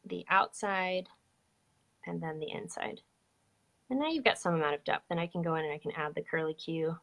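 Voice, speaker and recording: A woman's voice: sits low, fairly quick, creaky, fairly bright tone. A woman teaching a live online drawing lesson, chatty and upbeat as she explains each step. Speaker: drawing instructor.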